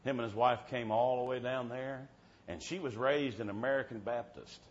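A man preaching a revival sermon in church, telling stories and swinging from soft-spoken to shouting. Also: medium pitch, fairly even intonation, normal speed. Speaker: traveling preacher. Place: church service. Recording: dull muffled sound with faint background hiss.

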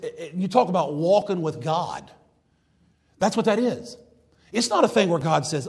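High-voiced preacher. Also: male voice, expressive, normal speed, pauses often. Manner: fervent, repetitive, builds to loud emphatic preaching; reads scripture in old-fashioned wording. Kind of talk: sermon.

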